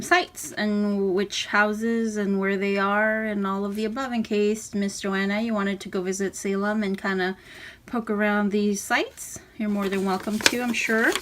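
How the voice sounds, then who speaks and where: Woman, casual craft walkthrough, relaxed chatty delivery, mid pitch, noisy background. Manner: chatty, relaxed, with fillers and soft laughs. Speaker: crafter showing a handmade journal. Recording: audible background noise.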